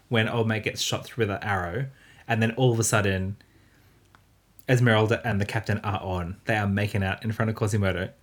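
A man casually recapping a film, rambling, swearing and acting out quotes. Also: fairly low pitch. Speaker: podcast co-host.

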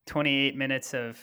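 Bright-voiced man chatting casually. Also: medium pitch, clean tone. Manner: joking, tries silly accents. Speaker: podcast co-host. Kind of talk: casual chat.

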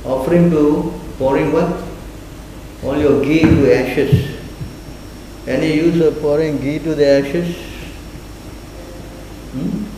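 A man's voice: a little high, steady tone, takes it slowly, pauses often. A man giving a scripture class lecture, prodding his listeners with repeated questions. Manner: questioning, repeatedly asks the audience to answer. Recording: echoey room, faint noise.

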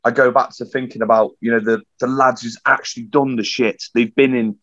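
A man's voice: mid-range voice, fairly quick, no room sound. Sweary young man, muffled sound. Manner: sweary, animated storyteller acting out quotes. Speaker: podcast guest. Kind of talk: casual storytelling. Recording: dull lo-fi sound.

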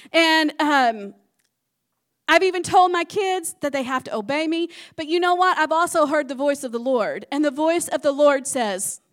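High-voiced woman pastor preaching. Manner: animated, chatty, with asides to the congregation. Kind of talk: sermon. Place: church.

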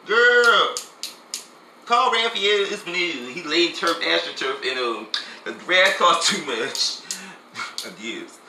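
A man's voice: on the high side, bright, forceful tone, reverberant, a little hiss or hum, poor audio. A man delivering a sassy, campy comic gossip monologue, laughing often and calling everyone honey and girl.

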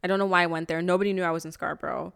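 Young woman on a podcast, low-ish smooth voice, swearing through a story all chill. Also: rapid-fire. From Toronto area, Canada. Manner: casual, swears a lot, animated storytelling. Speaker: podcast co-host. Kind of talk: casual storytelling chat.

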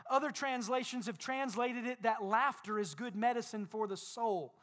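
A man preaching a sermon as pastor, building repeated phrases up to loud peaks. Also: very high-pitched, normal speed.

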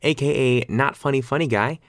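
A man's voice: mid-range voice, a little fast, no room sound, studio quality. A man in his twenties hosting his own podcast alone, rambling and joking, with casual swearing. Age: 20s. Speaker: podcast host. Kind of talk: solo podcast chat.

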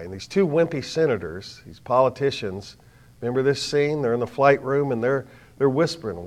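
Brief: older male preacher, mid-pitched, dramatic storyteller, moving between whispers and loud peaks. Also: a little fast. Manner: dramatic, swings from hushed to loud. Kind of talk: sermon storytelling.

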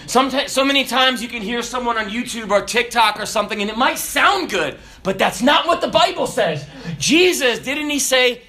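A man's voice: very high voice, moderate pace. A man in his thirties with a Southern American accent, preaching a sermon in a folksy, joking way with many questions to the congregation. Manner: folksy and animated, jokes and rhetorical questions.

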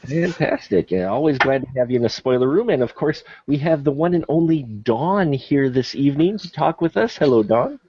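A man's voice: mid-range voice, lively intonation, moderate pace, few pauses. Upbeat podcast host guy, voice bounces around a lot, dull lo-fi sound. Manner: upbeat, laughs often, announcer-style intros. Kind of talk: casual movie podcast chat. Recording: dull lo-fi sound, faint noise.

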